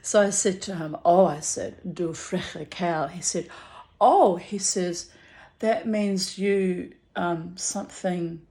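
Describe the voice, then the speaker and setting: A woman's voice: fairly low pitch, takes it slowly. A woman vlogging straight to camera and telling a funny story from her day. She laughs often and acts out the other people with put-on voices, in a loose, chatty manner. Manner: giggly, animated, acts out both sides of the anecdote.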